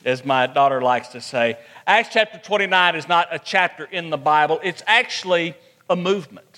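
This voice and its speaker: A man's voice: on the high side, moderate pace, sharp tone, big-room sound. A man preaching a sermon as pastor, asking rhetorical questions and repeating points for emphasis.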